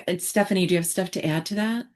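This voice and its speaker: Low-voiced woman therapist teaching casually. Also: fast. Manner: warm, reflective, with frequent fillers and restarts. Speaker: therapist presenter. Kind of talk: conversational online teaching.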